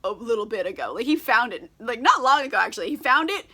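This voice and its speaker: A woman's voice: on the high side, animated, fast, pushed and bright. A tipsy woman vlogger recapping a book in a casual, rambling, irreverent way, swearing and giggling.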